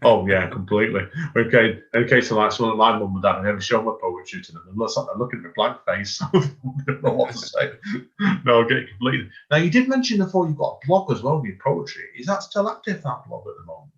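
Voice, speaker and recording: On a dull lo-fi recording, a man hosts a casual interview, his medium-pitched voice animated, fast and a bit bright. He is chatty and encouraging, and his questions ramble.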